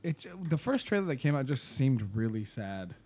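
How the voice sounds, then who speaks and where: A man's voice: mid-range voice, sing-song, normal speed, dark tone. A man co-hosting a podcast in casual chat, retelling a show scene in a rambling way with lots of fillers and laughs. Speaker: podcast co-host.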